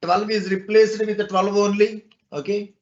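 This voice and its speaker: A man's voice: sits high, level tone, normal speed, lo-fi sound. A man teaching an online class, explaining step by step and asking rhetorical questions.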